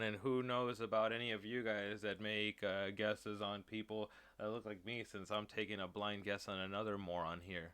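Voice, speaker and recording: A man's voice: lowish voice, steady tone, brisk, few pauses, fairly bright tone, clean tone, no echo, studio quality. A man hosting a reaction stream, mocking a reality show with rambling sarcastic asides. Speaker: host reacting to a video. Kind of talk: casual sarcastic commentary.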